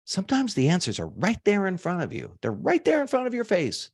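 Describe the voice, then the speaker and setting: A man teaching a live seminar, animated and informal, swearing now and then for emphasis and asking the audience to join in. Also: high-pitched, fairly quick, vocal fry, husky. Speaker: motivational speaker.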